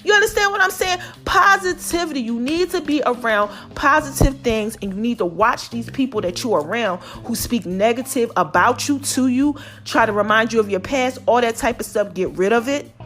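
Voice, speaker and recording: Speaking straight to her audience, a middle-aged podcast host gives a fervent, sermon-like motivational talk on her own show. Her voice is a little high and a bit bright, moving at normal speed with few pauses over gentle background music.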